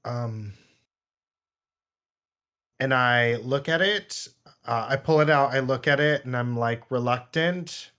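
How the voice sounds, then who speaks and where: Slow, hesitant male player. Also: medium pitch, a bit bright, clean tone. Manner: hesitant, halting, many fillers. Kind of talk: casual tabletop role-play.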